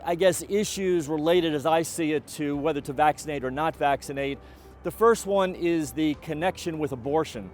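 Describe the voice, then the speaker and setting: A middle-aged man giving a college president's video update, speaking in a measured, deliberate way with frequent fillers and restarts. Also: fairly high pitch, darkish tone.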